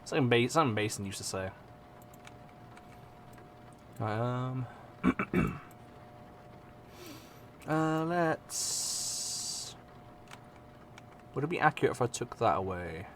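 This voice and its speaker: A man's voice: medium pitch, animated, slow pace, pauses often, a little hiss or hum. A young man with an English accent streams casually, rambling, swearing often and mocking himself. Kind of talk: casual live-stream chat.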